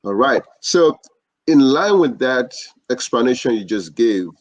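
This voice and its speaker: A man from Nigeria with a Nigerian accent, hosting a casual podcast interview and affirming his guest warmly. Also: medium pitch, animated, a little slow, no room sound, dull audio. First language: not English. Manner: friendly, affirming with short backchannels. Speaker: podcast host.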